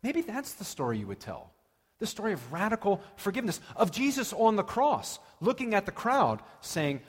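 A man preaching a sermon, telling stories with dramatic pauses and lively emphasis. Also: high-pitched, breathy edge. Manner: animated storytelling with dramatic pauses. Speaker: pastor. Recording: long reverb of a large hall.

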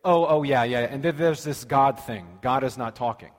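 A man's voice: medium pitch, moderate pace, in a large hall, lightly acted. A man doing a flustered rambling king. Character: anxious, self-absorbed king, rambling.

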